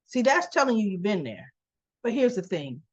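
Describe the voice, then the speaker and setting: A woman's voice: medium pitch, sing-song, moderate pace, slightly rough, no room sound. Chatty woman recapping soap scenes, dull sound. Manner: chatty, retells scenes by acting out the characters' lines; asks viewers questions directly. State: a little tired. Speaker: soap opera reviewer. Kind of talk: casual recap commentary.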